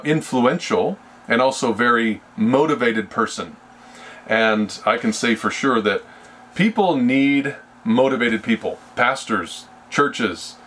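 A man leading a Bible study, speaking slowly and deliberately and often restarting his sentences. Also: medium pitch, a bit bright, slight background noise. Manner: slow and deliberate, with frequent restarts. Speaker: Bible teacher.

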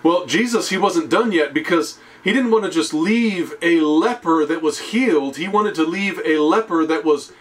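A man preaching a sermon in a fairly high voice. He talks conversationally, often checking in with his listeners, and slows down and softens to a hush when he stresses a point. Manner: conversational preaching with tag questions; slows down and drops to a hushed tone on key phrases.

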